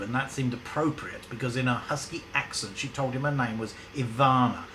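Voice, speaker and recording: A man's voice: mid-range voice, fairly bright tone, a little hiss or hum, poor audio. A man reading a story aloud in a casual way, breaking off for chatty asides.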